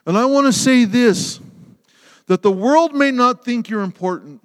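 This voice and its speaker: Male preacher, high voice, impassioned sermon delivery, echoing sanctuary. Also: unhurried, clear, resonant tone. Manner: impassioned, swings from loud emphasis to hushed tenderness. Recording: long hall reverb.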